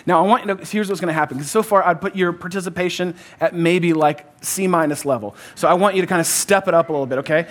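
A man with a fairly high voice preaches to a congregation in a relaxed, conversational way. He leans hard on repeated phrases and pauses to have the people shout the words back to him. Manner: emphatic, repeats key phrases, calls for audience response; conversational, uses "like" and "kinda". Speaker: pastor. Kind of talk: sermon.

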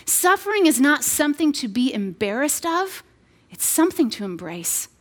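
A woman in her thirties giving an earnest, conversational devotional talk to mothers, with frequent restarts and playful asides. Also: sits high. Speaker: speaker addressing mothers. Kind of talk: sermon-style devotional talk.

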